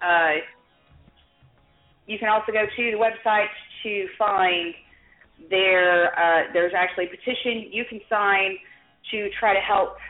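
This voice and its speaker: A woman's voice: mid-range voice, steady tone, a little slow, soft background music. A woman hosting a drinking trivia show as quizmaster, talking in a loose, folksy way with lots of ums and uhs. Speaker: game show host and quizmaster. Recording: tinny lo-fi sound in an echoey room.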